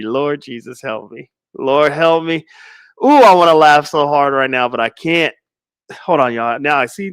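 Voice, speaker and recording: A man's voice: medium pitch, a bit bright, smooth, dry recording, clean studio sound. Man in his forties hosting a chatty livestream. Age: 40s. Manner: slow, emphatic stress on key lines; laid-back banter with viewers. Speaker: livestream host. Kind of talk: livestream talk, reading chat comments.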